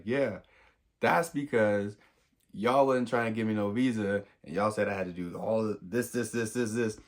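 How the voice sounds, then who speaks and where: A young American man tells a rambling personal story in a very low voice with a gravelly edge. He talks in slang and jumps between his own words and the voices of the people in the story. His delivery is lively and casual. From United States. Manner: animated, slangy, acts out dialogue. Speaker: vlogger.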